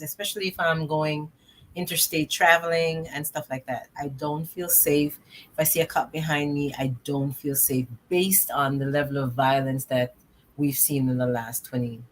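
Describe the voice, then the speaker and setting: A woman co-hosting a casual online panel discussion, talking in an animated, candid way. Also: low-pitched, a little hiss or hum. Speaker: co-host.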